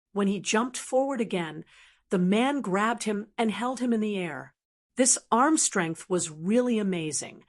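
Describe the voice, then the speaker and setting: Woman narrating a novel, steady delivery. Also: mid-range voice. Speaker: audiobook narrator. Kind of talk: scripted narration.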